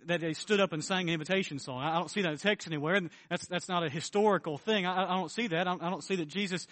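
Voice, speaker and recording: A man preaching a sermon as pastor, emphatic, swinging between loud declarations and low, earnest tones. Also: fast talker, no echo.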